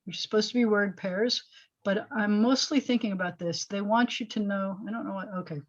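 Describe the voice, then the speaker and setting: Over a video call, a woman rabbi teaches a Hebrew lesson, explaining things patiently and putting questions to her students. She speaks fairly quickly at medium pitch with a steady tone, and the call audio sounds slightly dull.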